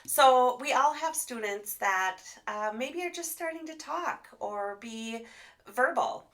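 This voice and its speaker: A woman speech therapist giving a live training talk, animated and expressive as she demonstrates sounds. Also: on the high side, slow.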